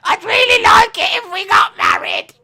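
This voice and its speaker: A man voicing a dismayed young bride who shrieks and shouts in a shrill, melodramatic way. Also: wildly swooping pitch, moderate pace, full character voice. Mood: shrieking.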